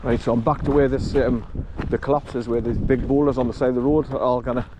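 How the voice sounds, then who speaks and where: A man's voice: medium pitch, steady tone, fast talker. An older man chatting casually while walking his dog outdoors. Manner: chatty, laughs often, coos at his dog. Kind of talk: casual outdoor vlog chat. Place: outdoors by a river road in wind. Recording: wind noise outdoors.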